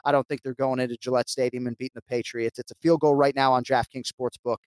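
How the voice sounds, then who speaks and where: A man's voice: medium pitch, little pitch movement, fast talker, smooth, dry recording. Chatty self-mocking American man. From United States. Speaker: host. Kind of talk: casual sports betting chat.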